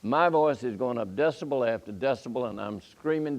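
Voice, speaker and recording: A man's voice: medium pitch, normal speed, few pauses. An older man from Nashville on a forum panel, telling a story and acting out the quoted dialogue with energy.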